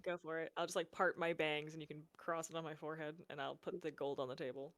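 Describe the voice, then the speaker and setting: A woman playing a tabletop game, lively and excitable, often laughing. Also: sits low, fast talker. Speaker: player. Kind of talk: casual tabletop play.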